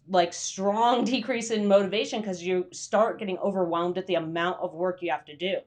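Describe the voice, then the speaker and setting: With a mid-range voice, a woman hosts a casual live stream for freelance writers. She's chatty and full of fillers, greeting viewers by name and acting out her inner voice.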